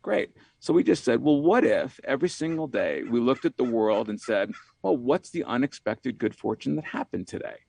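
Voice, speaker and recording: A man's voice: medium pitch, very animated, normal speed, creaky, few pauses, darkish tone, husky, no room sound. A man, an author from New York, talks as a podcast guest in a reflective, rambling way, often saying "you know" and repeating words.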